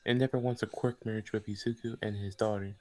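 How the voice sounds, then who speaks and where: Low, mellow-voiced man pitching ideas. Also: steady tone, fast talker, no room sound, poor audio. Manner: interjecting with plot ideas. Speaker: co-storyteller. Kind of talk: improvised fan-story chat.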